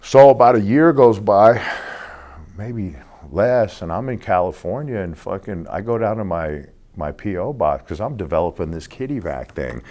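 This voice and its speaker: A man's voice: fairly low pitch, lively intonation, normal speed, warm tone. A man in his sixties telling stories in a casual interview, streetwise and profane, acting out other people's lines. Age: 60s. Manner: acts out other people's lines in quoted voices. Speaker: interview guest.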